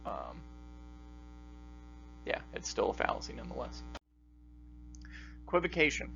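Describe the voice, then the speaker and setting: This logic instructor's voice sits in the mid range with a fairly bright tone. He delivers a relaxed, recorded lecture packed with fillers and pauses, captured on dull lo-fi audio where a faint mains hum lingers.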